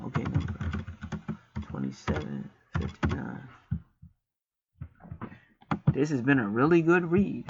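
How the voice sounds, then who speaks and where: Bright-voiced man rambling through a chart reading. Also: a little high, dry recording. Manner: rambling, profane, joking. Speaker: astrology reader. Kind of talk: casual monologue reading a natal chart. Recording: slightly muffled lo-fi recording.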